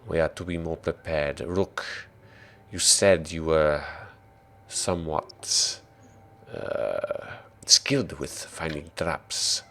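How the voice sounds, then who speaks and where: A man voicing a calm, formal woman mage who speaks with grave, measured words. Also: extremely low pitch, heavily acted. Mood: wary.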